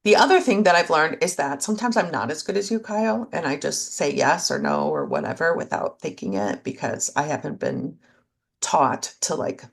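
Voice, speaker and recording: A middle-aged woman with a lowish voice and a gravelly edge co-hosts a podcast. She talks in a gentle, thoughtful way, in short reflective phrases. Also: expressive, normal speed. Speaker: podcast co-host. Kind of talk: casual reflective conversation.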